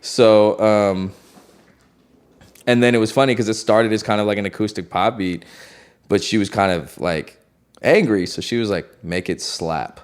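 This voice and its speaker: A man's voice: on the low side, moderate pace, long pauses, clear, resonant tone. A man, a music producer, telling a studio story in a loose, slangy way, heavy on "like". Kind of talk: casual storytelling.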